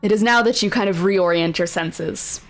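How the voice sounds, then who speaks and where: A woman narrating as the game master of a tabletop game, relaxed and easygoing with her players. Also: mid-range voice, normal speed, soft background music. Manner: easygoing, laughs along with players.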